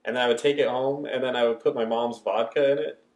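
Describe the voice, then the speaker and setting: A man's voice: medium pitch, steady tone, quick pace, darkish tone. Male podcast co-host, chatty and giggly, roomy echo on a Skype call. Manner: laughs often, rambling anecdotes. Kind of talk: casual chat. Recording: echoey room over a Skype call.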